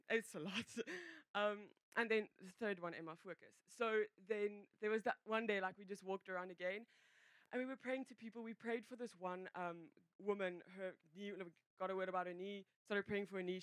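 A woman's voice: medium pitch, steady tone, moderate pace, fairly bright tone, clean tone, dry recording. Woman telling a church testimony, rambly, keeps cutting herself off, dry close sound. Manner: rambling, self-interrupting storyteller, many fillers. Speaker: church member giving a testimony. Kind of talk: personal testimony to a congregation.

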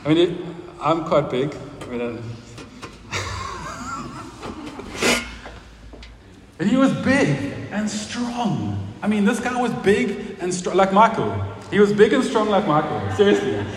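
Male pastor, high voice, conversational sermon, reverberant hall with faint hiss. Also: big pitch swings, takes it slowly, pauses often. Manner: conversational, asks the congregation questions, laughs at own stories. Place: church hall. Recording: roomy hall with long reverb, faint noise.

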